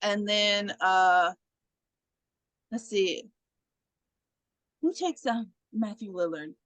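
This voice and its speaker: A woman with a bright, clear voice chats casually as a podcast co-host, retelling a film scene by scene. She slips into quick impressions of the characters and swears freely. The sound is close and dry, with no room around it. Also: medium pitch, no echo, low-quality recording. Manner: animated storytelling, acts out characters' lines, swears casually. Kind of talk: casual chat recapping a movie.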